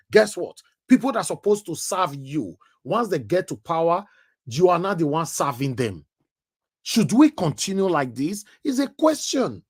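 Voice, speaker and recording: A man's voice: high voice, a little mellow, breathy edge. Emphatic Nigerian man hosting call-in. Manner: emphatic, preachy rhetorical questions. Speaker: live show host taking calls. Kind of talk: live call-in commentary.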